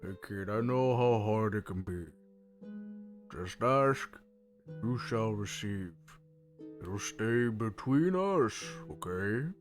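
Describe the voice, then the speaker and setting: A man voicing a huge, gentle male ogre cook who talks slowly and kindly in a tabletop game. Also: on the low side, animated, soft background music.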